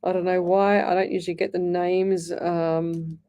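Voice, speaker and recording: Woman, radio psychic host; easygoing, reassuring chat, soft dark tone. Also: fairly low pitch, little pitch movement, unhurried. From Australia. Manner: chatty, reassuring, calls listeners lovey; reads listener comments aloud. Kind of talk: live call-in readings.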